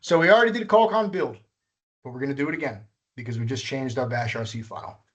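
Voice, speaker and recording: A man's voice: medium pitch, quick pace, a bit bright. A man leading a live coding workshop, walking through each step patiently and correcting himself as he goes. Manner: patient, walks through steps, self-correcting. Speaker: workshop instructor.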